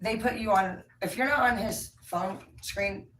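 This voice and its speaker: A woman's voice: mid-range voice, unhurried, fairly bright tone, slight background noise. Blunt rambling woman reading tarot. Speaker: tarot reader. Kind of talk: casual tarot reading monologue. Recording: roomy, distant from the mic, faint ambience.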